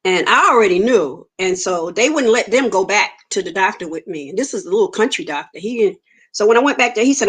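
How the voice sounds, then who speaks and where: A woman's voice: medium pitch, animated, quick pace, a bit bright, breathy edge. Woman telling her story earnestly. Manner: earnest storytelling, acts out quoted dialogue. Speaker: interview guest. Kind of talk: personal testimony in conversation.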